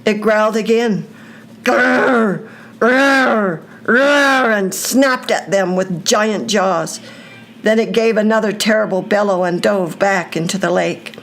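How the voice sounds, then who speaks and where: An older woman reading a children's story aloud, with a slow, deliberate storytelling delivery. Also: medium pitch, soft background music.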